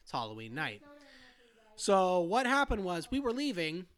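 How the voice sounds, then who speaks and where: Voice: medium pitch, huge pitch swings, moderate pace, a bit bright, smooth. A podcast host telling a rambling story in casual chat, laughing, swearing and restarting often.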